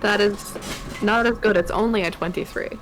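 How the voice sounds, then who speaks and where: A woman's voice: medium pitch, fairly even intonation, normal speed, noisy background. A woman player in an online tabletop game, speaking politely and formally to the game master. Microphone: online voice call.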